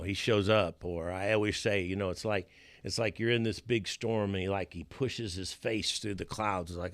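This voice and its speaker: A man's voice: lowish voice, no room sound. A middle-aged man hosting a podcast and telling a confessional personal story. He talks casually and earnestly, repeating words and restarting phrases, with plenty of "man" and "dude.". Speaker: podcast host.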